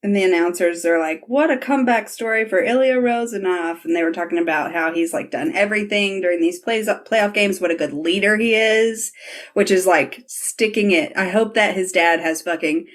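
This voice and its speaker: A woman's voice: fairly low pitch, normal speed. A woman hosting a podcast, casually recapping episodes and acting out the lines with bursts of laughter. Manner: animated retelling, quoting scenes with bursts of laughter. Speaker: podcast host.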